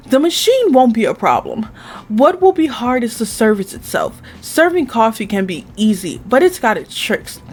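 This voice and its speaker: A woman's voice: a little high, sing-song, normal speed, breathy edge. A woman hosting a gaming channel, reading a dating game aloud in the first person, with casual asides.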